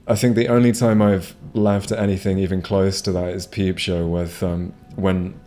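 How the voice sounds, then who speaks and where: Man, low mellow voice, casual profane play-by-play commentary, frequent restarts. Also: little pitch movement, moderate pace, soft background music. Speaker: gamer streaming a playthrough. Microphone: home streaming microphone.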